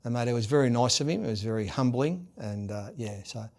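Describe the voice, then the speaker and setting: A middle-aged Australian man in a sit-down podcast interview, telling stories with gusto. He bursts into loud put-on voices for the people he quotes, then drops back to an easy, ordinary conversational tone. His voice sits at an everyday medium pitch. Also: a little fast. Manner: lively anecdotes, acts out quoted voices loudly. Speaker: guest, former rugby league captain and coach. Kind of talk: animated storytelling in a podcast interview.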